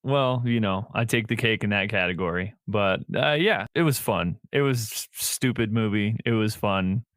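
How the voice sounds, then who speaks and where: A man co-hosting a horror movie podcast in relaxed, casual banter, laughing often. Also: fairly low pitch, moderate pace, few pauses, dry recording, studio quality. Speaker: podcast co-host.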